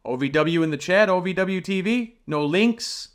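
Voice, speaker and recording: A man with a high, lively voice walks through a channel on screen as a reviewer. He sounds exasperated, critiquing as he goes and asking one rhetorical question after another. His pitch swings widely. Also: moderate pace. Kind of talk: screen-share commentary.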